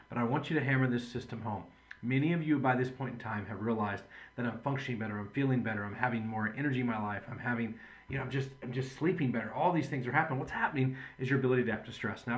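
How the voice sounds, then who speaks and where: A man's voice: mid-range voice, highs cut off. A man speaking as a chiropractor in a patient education video, in an earnest, conversational storytelling manner.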